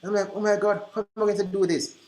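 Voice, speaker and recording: A man presenting to early childhood teachers, telling classroom stories in an animated way and acting out the dialogue. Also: sits high, quick pace, a little hiss or hum. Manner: animated, acts out quoted dialogue. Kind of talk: storytelling presentation. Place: conference room. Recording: roomy echo.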